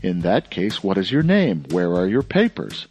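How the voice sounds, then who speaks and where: A man reading an audiobook, voicing a stern, suspicious middle-aged male magistrate who asks sharp, demanding questions. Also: low voice, sing-song, moderate pace, slightly rough, soft background music, exaggerated voice.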